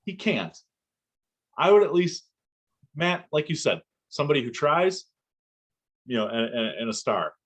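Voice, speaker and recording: A man co-hosting a casual football podcast, talking in an animated, excitable way and laughing often. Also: on the high side, normal speed, pauses often. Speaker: podcast co-host.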